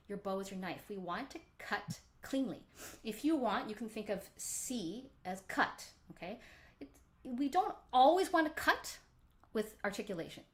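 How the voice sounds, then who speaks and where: Lively woman teaching violin bowing. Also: mid-range voice, a little hiss or hum. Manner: animated, demonstrative, sings out bow strokes. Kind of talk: live online workshop lesson.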